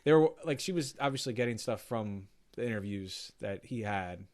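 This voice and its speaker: A man's voice: on the low side, lively intonation, normal speed, darkish tone. A young man co-hosting a casual movie podcast, rambling with restarts, laughing often and acting out film lines. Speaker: podcast co-host. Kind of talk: casual chat.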